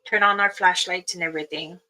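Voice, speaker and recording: A woman, a spiritual elder, telling a story in casual spoken style, unhurried, pausing and restarting. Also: fairly low pitch, fairly even intonation, sharp tone, rough recording.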